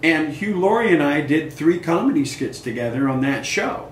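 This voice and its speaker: An older man in his sixties tells stories with lively energy, slipping into the voices of the people he quotes. His voice sits fairly high for a man. The recording has a roomy echo and faint background noise. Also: moderate pace. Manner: animated storyteller acting out quoted dialogue. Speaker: guest musician. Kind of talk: casual storytelling interview. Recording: echoey room with faint noise.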